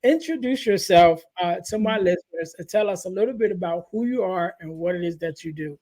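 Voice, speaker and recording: A man's voice: sits high, fairly quick, a little mellow, rough recording. Chatty male podcast host. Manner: chatty, repeats "you guys", plugs products. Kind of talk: casual podcast interview.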